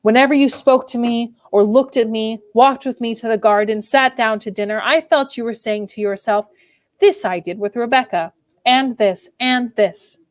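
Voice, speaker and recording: A woman's voice: on the high side, moderate pace, no echo, clean studio sound, natural voice. A woman voicing an anxious, devoted young wife who speaks in an earnest, pleading way.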